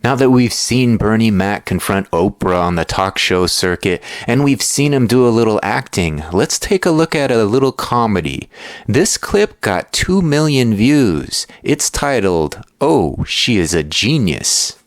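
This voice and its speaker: Brief: male narrator, low voice, lively intonation, slow and measured, scripted reading. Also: no room sound. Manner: measured, reads out view counts and titles. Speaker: video narrator.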